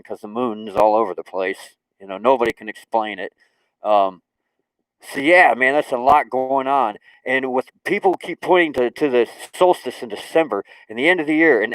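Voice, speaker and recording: A young man hosting a casual spiritual livestream, rambling and repeating words, with lively asides and laughs. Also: medium pitch, no room sound, low-quality recording. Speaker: livestream host.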